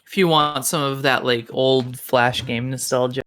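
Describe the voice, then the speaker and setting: Relaxed, chatty Minnesotan commentator. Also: mid-range voice, moderate pace. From Minnesota, United States. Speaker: speedrun marathon commentator. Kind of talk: casual live-stream commentary.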